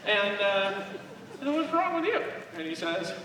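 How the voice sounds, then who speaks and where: A man's voice: high-pitched, sing-song, normal speed, noisy background. A man speaking live on stage to a crowd, telling rambling, joking stories about his life. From Alaska. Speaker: motivational speaker. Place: large event hall. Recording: echoey hall recorded from far off.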